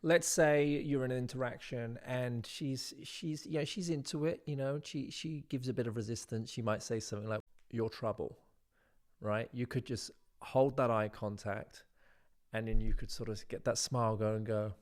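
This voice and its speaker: A middle-aged man talks to camera as a dating coach, relaxed and conversational. He tags nearly every point with "right?" and drops into a slower, deliberate delivery when he demonstrates a line. His pitch sits in an ordinary middle range for a man. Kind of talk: instructional talk to camera.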